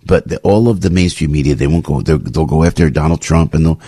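A man's voice: fast, dark tone, husky, no room sound, clean studio sound. An older man hosting a morning talk radio show, speaking frankly in a rambling, restarting way that keeps rising as he gets worked up. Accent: New York. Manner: gets worked up and rises in pitch.

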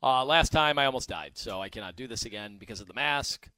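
A man co-hosting a sports radio show, joking and teasing his partner with a lively, playful delivery. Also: mid-range voice, fast talker, clear, resonant tone, no room sound. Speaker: radio co-host. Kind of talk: casual sports radio banter.

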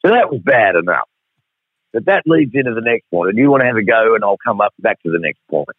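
Low-voiced Australian man on a phone line. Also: very animated, fast, no room sound. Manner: rambling, profane, wry storyteller. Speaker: radio guest. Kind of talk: casual storytelling on air. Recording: tinny phone line, dry.

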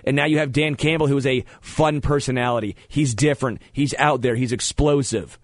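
Male sports talk host, animated and opinionated, average pitch, close dry studio mic. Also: brisk, no room sound. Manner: animated, opinionated, stammers on restarts. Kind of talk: sports talk radio banter. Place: radio studio.

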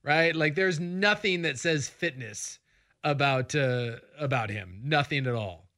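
A man's voice: a little high, measured pace, bright, forceful tone. A man co-hosting a casual sports chat, tossing out playful, jokey hot takes. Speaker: podcast co-host.

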